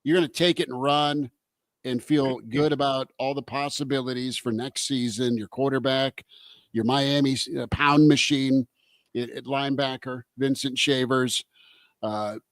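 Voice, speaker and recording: A man co-hosting a sports talk radio show, blunt and excitable. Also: mid-range voice, unhurried, no room sound. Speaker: radio co-host.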